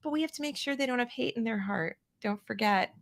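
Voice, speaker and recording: A middle-aged American woman hosting an opinionated commentary show, talking in an animated, sarcastic way and reading out viewer comments. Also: fairly high pitch, a little fast, creaky. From United States. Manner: animated, sarcastic, mimics people in mocking voices. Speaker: show host.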